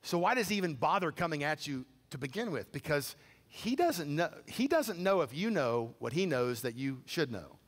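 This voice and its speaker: A man preaching a sermon, telling a story with animated, incredulous quoted dialogue. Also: on the high side, moderate pace. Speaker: pastor. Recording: long hall reverb.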